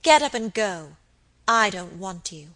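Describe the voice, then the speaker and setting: A woman's voice: mid-range voice, animated, measured pace, a bit bright, poor audio. A woman voicing an imperious noble lady who speaks in a cold, hard, commanding voice. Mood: scornful.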